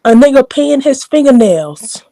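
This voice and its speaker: New York woman guest, lively pitch, dry close mic, swears freely. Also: moderate pace, creaky, no room sound, low-quality recording. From New York City. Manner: blunt, profane, emphatic. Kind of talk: casual livestream chat.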